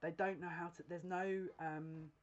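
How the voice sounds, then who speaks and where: A woman giving a casual psychic reading to her viewers. She speaks in a confiding, direct way and keeps breaking into giggles, with halting restarts. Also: on the low side, flat delivery, lo-fi sound. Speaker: psychic reader. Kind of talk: casual tarot-style general reading to camera.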